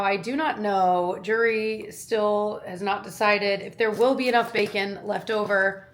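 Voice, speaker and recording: A woman's voice: mid-range voice, a little hiss or hum. A woman vlogging casually and cheerfully about her run, her dog and making dinner. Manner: cheerful, chatty, quick asides. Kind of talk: casual vlog chat.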